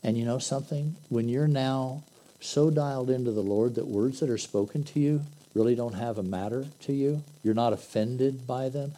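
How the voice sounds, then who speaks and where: A man's voice: medium pitch, moderate pace, mellow, low-quality recording. A man preaching an earnest, conversational sermon that swells into emphatic bursts. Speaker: pastor.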